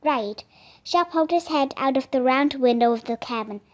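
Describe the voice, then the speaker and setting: A woman reading a children's book aloud, careful and deliberate. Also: sits high. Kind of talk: storybook read-aloud.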